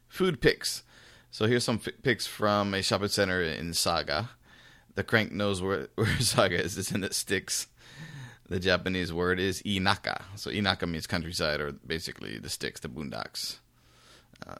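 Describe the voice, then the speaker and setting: Male podcast host, very low voice, relaxed rambling delivery. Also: normal speed, no echo. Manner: easygoing, rambling with fillers and chuckles. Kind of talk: casual podcast talk.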